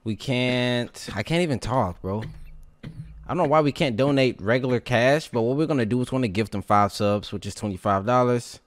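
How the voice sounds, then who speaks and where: A young man hosting a live stream in casual, rambling chat, slangy and quick to laugh. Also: medium pitch, no room sound. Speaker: streamer host.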